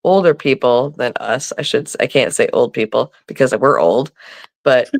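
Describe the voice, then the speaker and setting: A woman's voice: extremely low pitch, lively intonation, moderate pace, creaky, dry recording. A middle-aged woman telling stories in a casual live chat, acting out the voices she quotes, on a phone mic. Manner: chatty storytelling, acts out quoted voices. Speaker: co-host.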